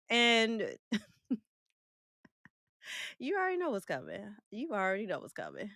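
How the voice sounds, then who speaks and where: A woman's voice: medium pitch, huge pitch swings, measured pace, long pauses, fairly bright tone, no echo, clean studio sound. A woman hosting a casual livestream, greeting and answering her chat in a playful, joking way with frequent laughs and slang. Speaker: livestream host reading chat.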